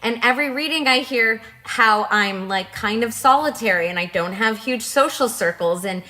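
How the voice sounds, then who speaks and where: A woman's voice: on the high side, moderate pace, sharp tone. A woman co-hosting a podcast who chats casually and reacts emphatically. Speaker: podcast co-host.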